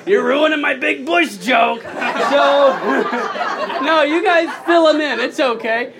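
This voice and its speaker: A high-pitched man in his thirties works a comedy club stage on a handheld mic, giggling through his stories and jumping into shrill squeals for the characters he quotes. A lively crowd laughs and murmurs around him. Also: slow pace, creaky, background noise. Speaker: stand-up comedian. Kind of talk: stand-up comedy set. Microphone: handheld microphone.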